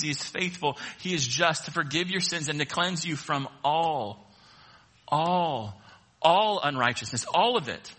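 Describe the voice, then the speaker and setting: A man preaching a sermon, animated and acting out the voices of the people in the story. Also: a little high, measured pace. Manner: animated, acts out voices of the sailors. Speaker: pastor.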